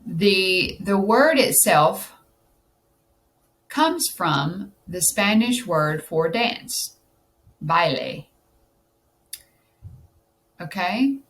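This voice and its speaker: A woman's voice: mid-range voice, expressive, drawn-out words, fairly bright tone, a little hiss or hum. A woman tutoring test prep, thinking aloud as she explains answers and checking in with "okay?".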